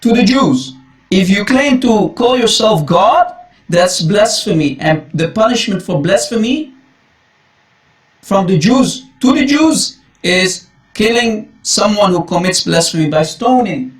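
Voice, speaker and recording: Emphatic, animated male preacher. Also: sits high, a little slow. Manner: emphatic, repeats exclamations, addresses listeners as guys. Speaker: Christian preacher. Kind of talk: Bible commentary sermon.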